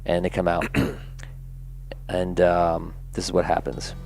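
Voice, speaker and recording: A man's voice: sits low, completely flat delivery, slow, creaky, a little mellow, soft background music. A man narrating as game master of a tabletop game in a casual, chatty way. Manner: casual, laughs often, chatty.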